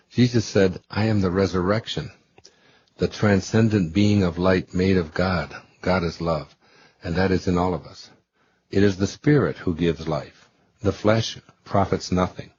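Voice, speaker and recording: A man narrating a spiritual self-help book aloud in a slow, measured, reverent way. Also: sits low, fairly even intonation, darkish tone, lo-fi sound, slight background noise. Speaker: audiobook reader.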